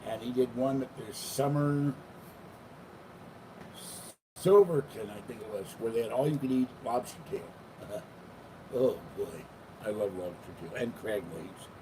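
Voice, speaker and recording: An older man talks on and on in a loose, wandering vlog from his home. His voice sits at a middle pitch, and a steady hiss of background noise runs under the recording. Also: unhurried, long pauses, far from the mic. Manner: meandering, chatty, talks to his cats. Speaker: vlogger. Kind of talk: rambling casual vlog.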